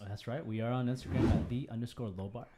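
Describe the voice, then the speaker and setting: Joking podcast co-host, laughs a lot. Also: male voice, medium pitch, fairly even intonation, fast, very noisy. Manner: joking, laughs often, many fillers. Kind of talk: casual podcast chat.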